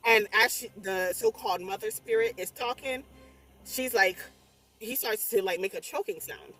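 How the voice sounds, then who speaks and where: Profane, animated young woman. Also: fairly high pitch, moderate pace, distant mic. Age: young adult. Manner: animated, swears constantly, exclaims mid-story. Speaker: movie reviewer. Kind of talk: casual rambling movie recap. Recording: voice a bit off-mic, faint music behind.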